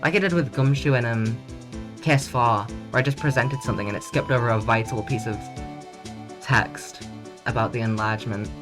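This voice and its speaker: A young man streaming a game, joking and reacting in a chatty, excitable way. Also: mid-range voice, moderate pace. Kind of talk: let's play commentary. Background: game music.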